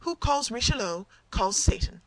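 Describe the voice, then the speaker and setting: An audiobook narrator voicing a passionate young woman who reproaches her husband indignantly, in a clear reading voice. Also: mid-range voice, animated, a little fast, fairly bright tone, no echo, poor audio. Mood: scornful.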